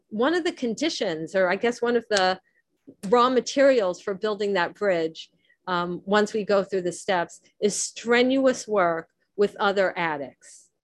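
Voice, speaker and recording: A woman's voice: mid-range voice, no room sound. A woman hosting a recovery podcast, explaining a text in an earnest, conversational way with wry sarcastic asides. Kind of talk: teaching talk on a recovery text.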